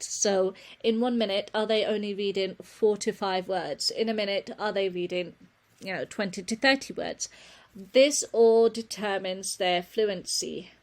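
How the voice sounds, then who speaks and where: A woman presenting a webinar on children's reading, speaking earnestly and often correcting herself with a quick apology. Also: mid-range voice. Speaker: reading teacher giving a webinar.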